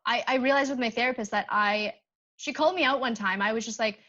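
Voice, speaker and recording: A woman's voice: fairly high pitch, quick pace, pushed and bright. Earnest woman guest, slightly lo-fi. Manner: reflective, earnest, frank. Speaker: podcast guest, actor and improviser. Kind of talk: casual chat.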